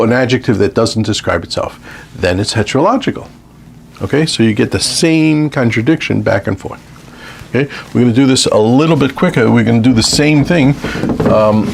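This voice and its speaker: A man lecturing on mathematics with a lively, up-and-down delivery and a gravelly edge to his voice. He keeps checking in with his listeners as he works through examples. A faint hiss sits under the recording. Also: medium pitch. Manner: lively, repeats "okay" as a check-in. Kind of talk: math lecture.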